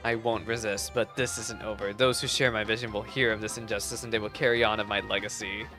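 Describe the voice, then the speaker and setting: A man reading aloud the lines of a defiant anarchist rebel bunny woman from a video game, in a lowered, plain voice. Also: little pitch movement, fast, music in the background, lightly acted.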